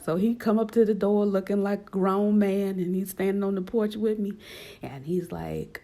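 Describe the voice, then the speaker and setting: Gravelly-voiced woman telling a story. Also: moderate pace. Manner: animated, acts out quoted lines in a higher voice. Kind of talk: casual storytelling.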